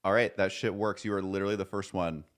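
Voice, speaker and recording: A man's voice: low-pitched, fairly even intonation, quick pace. A man streaming live, chatting casually and rambling, joking at his own expense and swearing now and then.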